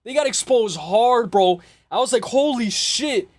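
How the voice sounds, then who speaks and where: A young man hosting a casual fight-prediction show, rambling and excitable, repeating himself and swearing often. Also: high-pitched, normal speed. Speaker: MMA podcast host.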